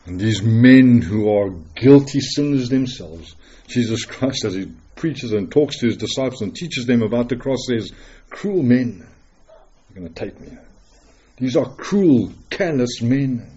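A man preaching a dramatic, earnest sermon full of rhetorical questions, swinging between loud declarations and hushed words. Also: mid-range voice, animated, measured pace, hardly any pauses, slightly rough, dull audio.

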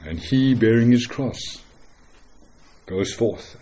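A man preaching a dramatic, earnest sermon full of rhetorical questions, swinging between loud declarations and hushed words. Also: medium pitch, takes it slowly, highs cut off, a little hiss or hum.

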